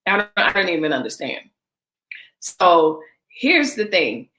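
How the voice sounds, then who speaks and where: Lady chatting on a live stream, blunt and sassy, kinda bright, roomy echo. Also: fairly low pitch, big pitch swings, unhurried. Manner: candid, emphatic, sarcastic, talks straight to viewers. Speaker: livestream host. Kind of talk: casual livestream chat.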